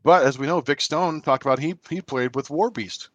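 A man's voice: a little high, moderate pace, fairly bright tone, no echo. A man co-hosting a casual podcast chat, telling stories in a rambling, hesitant way with many fillers. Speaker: podcast co-host.

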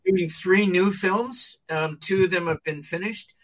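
Man, podcast co-host, halting and unsure, somewhat high voice. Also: a bit bright. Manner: hesitant, halting, unsure phrasing. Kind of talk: casual podcast chat.

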